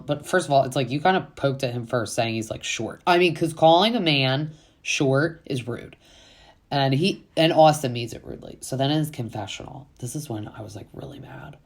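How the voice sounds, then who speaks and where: A woman's voice: a bass voice, moderate pace. A woman hosting a casual reality TV recap, chatty and full of fillers, with exasperated asides.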